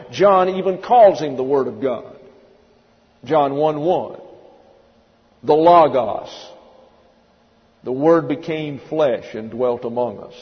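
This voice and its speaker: A man preaching an expository sermon, emphatic, stopping to spell out Greek words letter by letter. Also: on the high side. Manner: emphatic, drills word by word, spells out Greek terms. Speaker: pastor. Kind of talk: expository Bible teaching sermon. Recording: dull, long-reverb church hall recording.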